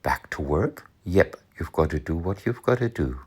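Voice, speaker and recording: A man from northern Germany giving a language lesson, explaining words calmly and reading example sentences in a dry, measured way. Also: sits low, breathy edge. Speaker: language educator.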